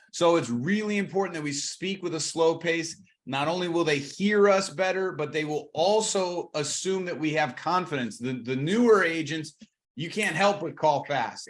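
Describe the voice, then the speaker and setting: A high-leaning male voice belongs to an energetic coach training real estate agents. His talk features restarted words and slowed-down moments for emphasis.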